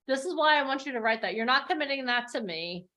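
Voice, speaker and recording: Energetic higher-pitched woman coaching live. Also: fast talker. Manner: energetic, passionate, emphatic. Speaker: acting and modeling bootcamp host. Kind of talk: live online motivational coaching.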